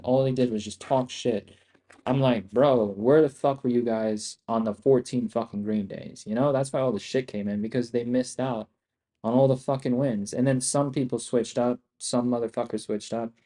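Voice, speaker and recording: A young man hosting a live trading stream, ranting casually with heavy profanity and slang, excitable and rambling. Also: medium pitch. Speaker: livestream trading host.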